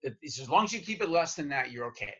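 Raspy bright male host. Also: medium pitch, lively intonation, fast talker. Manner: hesitant, stammering starts. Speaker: podcast host. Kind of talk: podcast conversation. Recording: dull lo-fi sound.

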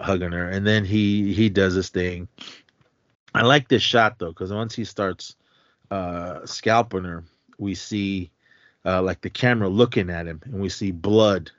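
A man co-hosting a podcast, retelling a film scene in a rambling, halting way with many fillers. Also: on the low side, no room sound, dull audio. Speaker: podcast co-host. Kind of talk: casual film recap.

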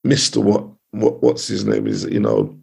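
A British criminal barrister telling a story in a relaxed podcast interview, lively, with many restarts and asides. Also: male voice, lowish voice, normal speed, creaky, slightly rough. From United Kingdom.

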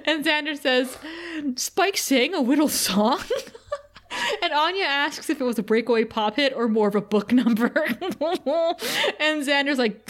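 Woman, podcast co-host, casual recap chat, laughs a lot, slightly high voice. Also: measured pace. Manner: animated, laughs often while retelling scenes.

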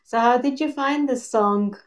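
Slow-talking, giggly woman podcaster. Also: on the high side. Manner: giggly, unhurried talk with frequent laughs. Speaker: podcast co-host. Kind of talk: casual chat.

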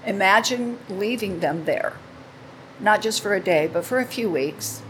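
A woman in her sixties gives an emotional, halting testimony in an interview, her voice sitting at a middle pitch. She sounds close to tears, and a faint hiss of background noise runs under her voice. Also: expressive, poor audio. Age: 60s. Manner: heartfelt, near tears, halting.

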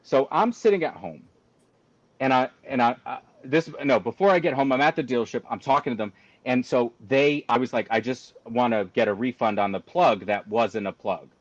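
A man telling a long story on a call in an animated, ranting way, jumping high when he quotes himself. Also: moderate pace, no room sound, lo-fi sound.

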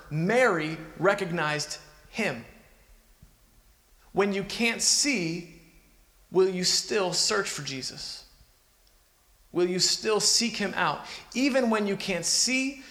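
A man's voice: high voice, pushed and bright. A man preaching a sermon in an earnest, conversational way, asking the listeners questions. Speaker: pastor. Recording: echoey hall with long reverb.

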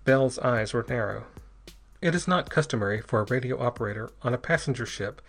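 Male narrator, mid-range voice, measured storytelling read, with faint music bed. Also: mid-range voice.

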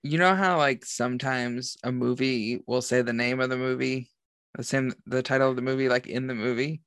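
A man's voice: mid-range voice, steady tone, moderate pace, a bit bright, clean tone, no room sound, clean studio sound. A man chatting casually about a movie, rambling with lots of fillers. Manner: rambling, filler-heavy storytelling. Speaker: podcast co-host. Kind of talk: casual movie review chat.

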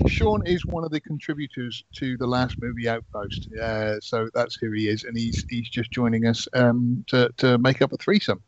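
A man's voice: mid-range voice, normal speed, highs cut off, slight background noise. A man hosting a casual movie podcast, easygoing, chuckling and steering the conversation. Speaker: podcast host.

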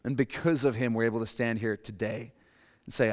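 A man's voice: medium pitch, fairly even intonation, fairly quick. Preaching man in a reverberant hall. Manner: dynamic preaching, dropping to quiet emphasis and rising for acted quotes. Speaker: pastor. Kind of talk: sermon. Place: church sanctuary.

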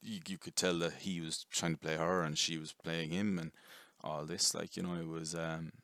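Man, very low voice, bright tone, casual movie review, rambling and profane, dry close sound. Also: little pitch movement, normal speed, dry recording. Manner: rambling, chatty, swears casually, many fillers. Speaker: film reviewer.

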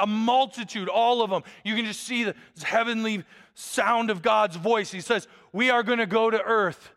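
A man in his thirties, a pastor preaching a sermon with animated storytelling. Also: sits high, long reverb tail. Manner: animated storytelling, acts out voices.

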